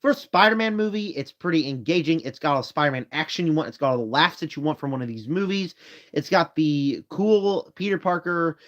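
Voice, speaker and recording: A man hosts a casual live stream from his room, rambling through movie rankings while tired and yawning. His voice sits a little high and comes through dull, lo-fi phone audio. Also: animated, a little fast, fairly bright tone. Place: home room.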